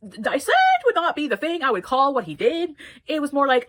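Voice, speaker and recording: Fast-talking woman chatting about a book. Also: high-pitched, animated, fairly bright tone, poor audio. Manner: rambling, profane, chatty. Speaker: book reviewer. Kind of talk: casual book review chat.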